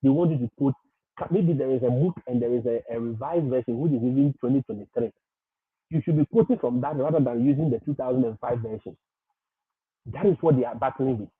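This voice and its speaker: A man hosting a livestream, talking emphatically and circling back over his points with frequent laughs. His voice sounds a little husky, and the audio is thin and phone-like, in a dry room with no echo. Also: medium pitch, fast. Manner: emphatic, repetitive, laughs often. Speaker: livestream host. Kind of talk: livestream advice talk.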